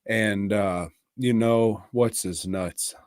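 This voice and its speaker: A man co-hosting a podcast, casually rambling through a movie plot with crude jokes, laughter and quick impressions of the characters. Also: fairly low pitch, fairly even intonation, no echo, studio quality. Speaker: podcast co-host. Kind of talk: casual movie review chat.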